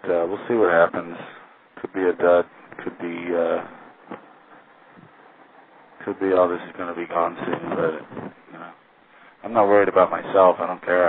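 A man calling from a street payphone, rambling wryly with profane asides about the city around him. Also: low voice. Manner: wry, profane, meandering asides. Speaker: caller leaving phone messages. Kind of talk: rambling spoken diary from payphones. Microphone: payphone handset. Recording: tinny phone line with street noise.

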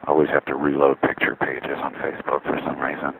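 A man's voice: extremely low pitch, completely flat delivery, fast talker, creaky, breathy edge. A man ranting casually about things that don't work, swearing often in an exasperated way. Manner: profane, exasperated complaining. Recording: tinny lo-fi phone-like audio.

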